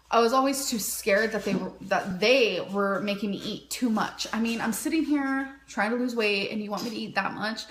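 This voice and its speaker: Bright, high-voiced giggly young woman. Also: a little hiss or hum. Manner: rambling and giggly, with lots of "like". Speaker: vlogger. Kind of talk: casual confessional vlog talk.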